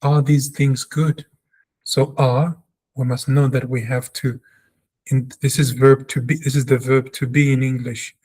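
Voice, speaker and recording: A man's voice: medium pitch, little pitch movement, unhurried, a little mellow, slightly rough. A man teaching a language lesson, reading example sentences aloud and explaining them step by step, repeating sounds for practice. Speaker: Hebrew teacher.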